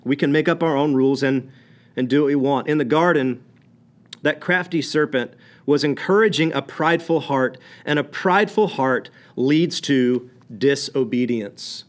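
A man preaching a morning sermon, swinging from raised, fervent passages to low, quiet ones. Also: normal speed. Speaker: pastor.

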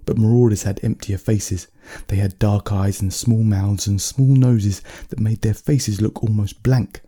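A man reading a bedtime story aloud in a calm, measured, soft-spoken way. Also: lowish voice, slightly rough.

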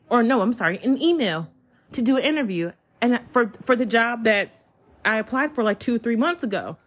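A woman, hosting a podcast from home and telling a personal story in a chatty, excitable way. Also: fairly high pitch, moderate pace. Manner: chatty, excitable, addresses listeners as y'all. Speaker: podcast host. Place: at home, child in the room.

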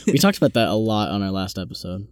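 Laid-back teen host, dry mid voice. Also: male voice, lowish voice, animated, fast, no echo. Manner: laid-back, prompting, laughs often. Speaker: podcast host. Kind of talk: casual chat.

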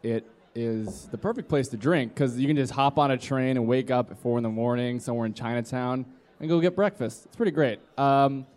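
A man's voice: medium pitch, a little fast, darkish tone. Man in his twenties telling a rowdy story. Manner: rambling, acts out voices of friends. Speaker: storyteller at a live comedy podcast. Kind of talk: live comedic storytelling. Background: live audience laughter.

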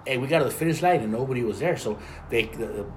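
Guy talking fast and lively, jokes around, some spanish mixed in. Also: medium pitch, a little hiss or hum. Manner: animated, joking, mixes in Spanish. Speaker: friend in group chat. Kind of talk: casual chat.

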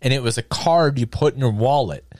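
A man's voice: mid-range voice, brisk, a little mellow, no echo, clean studio sound. A man telling casual, profane travel anecdotes in a podcast chat, acting out the people in his stories.

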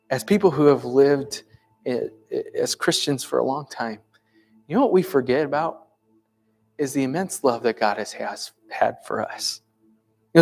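A man pastor preaching a sermon in a conversational way, often putting questions to his listeners. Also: mid-range voice.

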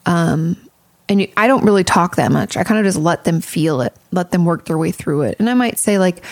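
A woman's voice: on the low side, brisk, vocal fry, darkish tone, no room sound. A woman podcast host and therapist giving candid, chatty advice and swearing casually.

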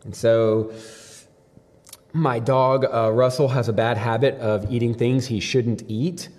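Young guy pastor doing a laid-back devotional, mid pitch, lots of ums, hall echo. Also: steady tone, slow, darkish tone. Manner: casual, storytelling with fillers. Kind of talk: devotional sermon. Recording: long hall reverb.

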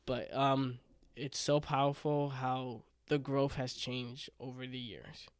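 A man's voice: medium pitch, steady tone, slow pace, clear, resonant tone, dry recording. A man in his twenties hosting a solo podcast, talking earnestly and emotionally, rambling with many restarts. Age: 20s. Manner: earnest and emotional, choking up at times. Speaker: podcast host.

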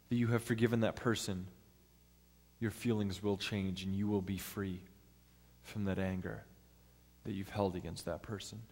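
A man preaching a sermon in an earnest, step-by-step teaching manner. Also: on the low side. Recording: long hall reverb.

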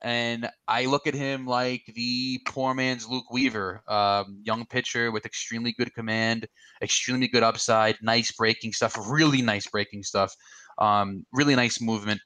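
A man's voice: medium pitch, steady tone, normal speed, pushed and bright, no echo. A man co-hosting a casual podcast chat, blunt and emphatic in his opinions. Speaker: podcast co-host.

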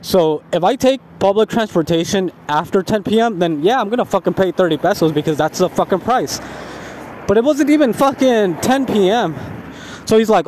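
Guy ranting outside, swears a ton, kinda high voice, some street noise behind him. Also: normal speed. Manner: heavy profanity, animated ranting with laughs. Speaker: vlogger. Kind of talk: casual ranting storytime.

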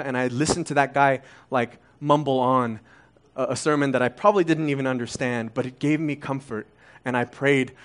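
A man in his thirties, originally from Korea, preaching a conversational sermon full of rhetorical questions. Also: on the high side. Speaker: pastor.

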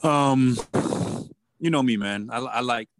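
A man talking basketball as a guest on a sports talk radio show, casual and halting. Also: mid-range voice, background noise. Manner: casual, halting, with many restarts and fillers.

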